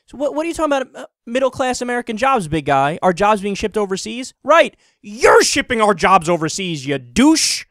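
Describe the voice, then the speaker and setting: Sarcastic high-voiced male commentator. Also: sing-song, fairly quick, few pauses, fairly bright tone, dry recording, clean studio sound. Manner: sarcastic, mocking, profane rant. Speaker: political commentator. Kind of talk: online political commentary.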